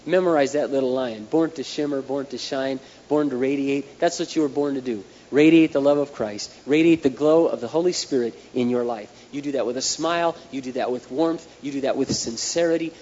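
Animated male pastor in an echoey hall. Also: mid-range voice. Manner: animated storytelling, numbered points. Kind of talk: sermon. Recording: dull echoey hall recording, faint hiss.

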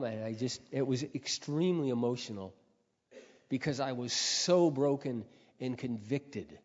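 Preacher, male, earnest storytelling sermon that builds to loud exhortation, long reverb, muffled lo-fi sound. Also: mid-range voice. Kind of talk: testimony sermon.

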